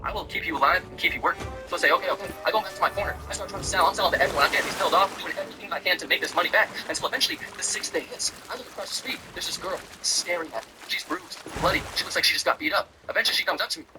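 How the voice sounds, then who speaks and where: Guy racing thru a rambling deadpan comedy story, higher voice. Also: rapid-fire, music in the background, rough recording.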